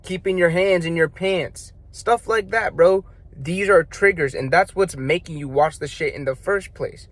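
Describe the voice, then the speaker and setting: A man's voice: on the high side, moderate pace, fairly bright tone, no echo. A young man telling a story and giving blunt, profane, slang-heavy self-improvement advice. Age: young adult. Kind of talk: casual advice monologue.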